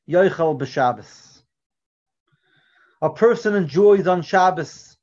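Earnest man giving a Torah lecture. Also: on the high side. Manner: earnest, often drops to a quiet, soft delivery. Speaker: Torah teacher. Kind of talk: religious lecture with storytelling. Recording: dull lo-fi recording.

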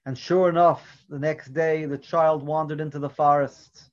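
A man delivers an earnest Torah lecture with a fairly high voice, often sinking to a quiet, soft delivery as he makes a point. The recording is dull and lo-fi, with little crispness. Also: steady tone, moderate pace. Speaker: Torah teacher. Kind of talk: religious lecture with storytelling.

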